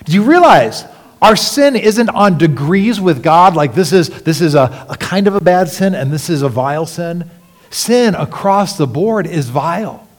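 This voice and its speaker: A man's voice: a little high, expressive, unhurried. Earnest male preacher in a reverberant hall. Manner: earnest preaching, swinging from soft hushed lines to emphatic rises. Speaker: pastor. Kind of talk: sermon.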